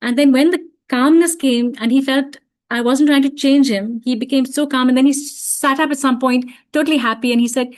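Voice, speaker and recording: A middle-aged woman giving an online parenting talk, telling stories in a calm, reflective way with many fillers. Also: sits high, fairly quick, hardly any pauses. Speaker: parenting speaker.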